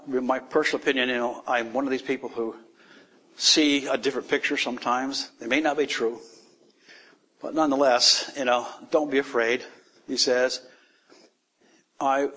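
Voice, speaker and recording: Man preaching a heartfelt sermon. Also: a bit bright. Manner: conversational, emotional, rises high when moved.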